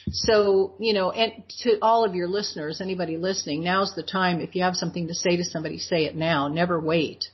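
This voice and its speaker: A middle-aged woman speaks as an interview guest, her voice breathy and husky and sitting a little low. She recounts a personal story earnestly, leaning on key words and slowing down for emphasis. The sound is dull and lo-fi. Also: fairly even intonation.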